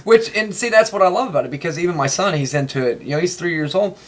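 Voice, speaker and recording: A fast, excitable young man rambles through a casual interview, tripping over restarts as he goes. His voice sits a little high for a man and the words tumble out quickly. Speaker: interviewee, toy collector.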